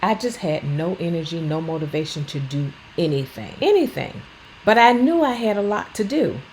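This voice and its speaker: A woman's voice: lowish voice, very animated, moderate pace, darkish tone, slight background noise, poor audio. A woman in her fifties, a vlogger talking at home while she cleans, earnest and blunt in a plainspoken way. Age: 50s. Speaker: lifestyle vlogger. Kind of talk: casual talk while cleaning.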